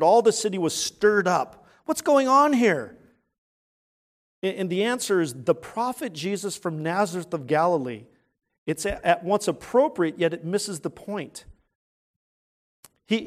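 A man with a fairly high-pitched voice preaches earnestly as a pastor, using rhetorical questions and swinging from quiet, hushed points to loud, emphatic ones.

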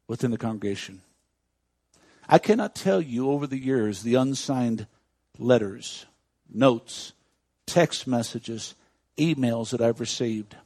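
A man preaching a sermon as a pastor, moving from quiet, close talk to loud, shouted preaching. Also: mid-range voice, takes it slowly, long pauses, no echo. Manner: swings from hushed intimacy to loud shouting preaching. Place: church.

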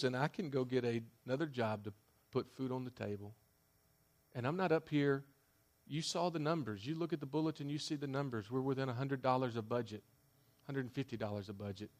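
A man preaching a sermon as a pastor, emphatic, with loud declarations that drop to hushed asides. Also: mid-range voice, moderate pace.

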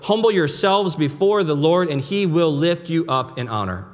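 A pastor preaching a sermon in a casual, conversational way, full of restarts and rhetorical questions. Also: male voice, on the high side, expressive, normal speed. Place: church sanctuary. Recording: long hall reverb with soft guitar behind. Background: soft guitar music.

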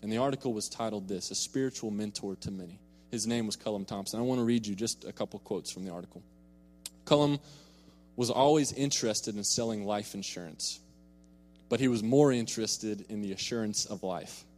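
Earnest preacher in a big hall. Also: male voice, fairly low pitch, a little fast, a little mellow. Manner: earnest storytelling, repeats words when emphatic. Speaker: pastor. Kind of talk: sermon. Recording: long reverb in a large hall.

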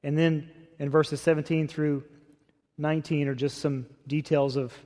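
A man pastor preaching a sermon in a conversational, expressive way. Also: fairly high pitch, moderate pace. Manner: conversational, expressive, acts out scripture quotes. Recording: long hall reverb.

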